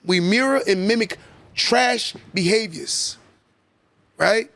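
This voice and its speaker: A man with a high, gravelly voice delivers a motivational sermon-style talk on his podcast. He repeats his points and keeps asking "right?" for emphasis. The recording is dry and close, with no room sound. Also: slow pace, pushed and bright, no room sound. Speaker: podcast host.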